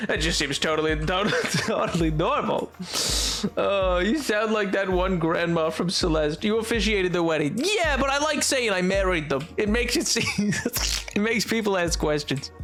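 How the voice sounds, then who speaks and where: A man's voice: high voice, a bit bright. A man streaming a game, chatting casually in a rambling way, full of stammered restarts and theatrical asides. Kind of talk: casual chat while gaming.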